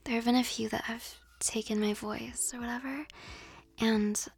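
A woman's voice: a little high, steady tone, moderate pace, husky, soft background music. A young woman hosting an ASMR channel, rambling and giggling in a whispered ASMR chat with frequent ums, close to the mic.

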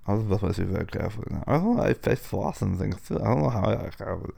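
A man's voice: fairly low pitch, lively intonation, racing, creaky, warm tone. A man in a boyfriend role-play monologue, complaining with slurred, mumbling speech because his mouth is numb and swollen after dental work. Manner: whiny, complaining. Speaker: boyfriend talking to partner.

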